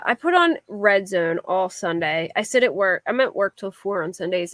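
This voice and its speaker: A woman's voice: medium pitch, fairly bright tone, no echo. Chatty Philly woman streamer. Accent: Philadelphia. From Philadelphia. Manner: rambling, with frequent "like" fillers. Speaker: livestreamer. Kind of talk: casual chat answering a live chat.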